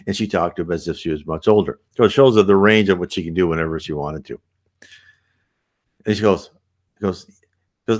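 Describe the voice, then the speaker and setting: Low-voiced man, animated reading. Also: a little fast. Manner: conversational asides, many restarts. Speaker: teacher reading a book aloud. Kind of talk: reading with commentary.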